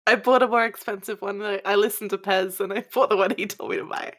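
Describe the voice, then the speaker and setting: A woman's voice: medium pitch, fairly even intonation, quick pace, fairly bright tone. A woman co-hosting a podcast, chatting playfully and teasing her co-host. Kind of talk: casual podcast chat.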